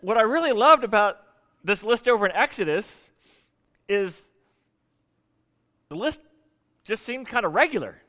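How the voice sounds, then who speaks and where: Bright, high-voiced pastor preaching. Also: male voice, a little slow, pauses often, long reverb tail. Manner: animated, joking asides to the congregation. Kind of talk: sermon. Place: church sanctuary.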